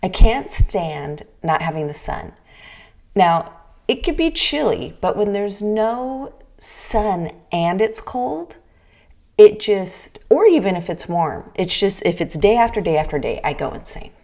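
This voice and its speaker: A woman's voice: medium pitch, lively intonation, measured pace, darkish tone. A middle-aged woman from the Pacific Northwest, talking candidly in a personal vlog and often checking in with "right?". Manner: chatty and candid, frequent restarts and "right?" asides. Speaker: vlogger. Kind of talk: casual personal talk.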